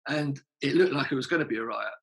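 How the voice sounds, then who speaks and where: Gravelly man telling swearing anecdotes. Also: mid-range voice, fast talker, poor audio. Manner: chatty, laughing, swears freely. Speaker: interview guest, musician. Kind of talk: casual anecdotal storytelling.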